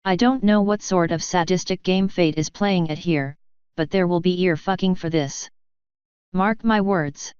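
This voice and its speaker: Woman doing sarcastic guarded male hero, fan fiction audiobook, low smooth voice, dull lo-fi sound. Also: unhurried, a little mellow, no room sound, lightly acted. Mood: exasperated. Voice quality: sarcastic, exasperated.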